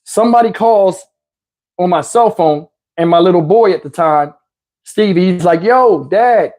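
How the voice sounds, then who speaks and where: Animated, slangy storyteller man. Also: high-pitched, normal speed. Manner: animated, slangy, loose, with frequent restarts and asides to viewers. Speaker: vlogger telling a personal story. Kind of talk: casual comic storytelling.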